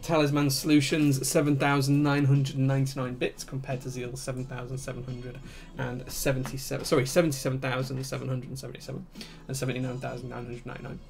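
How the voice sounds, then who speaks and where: A man hosts a live build stream, explaining each step methodically and breaking off to answer chat. His voice has a gravelly texture. Soft music plays faintly behind him. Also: mid-range voice, level tone, quick pace, hardly any pauses.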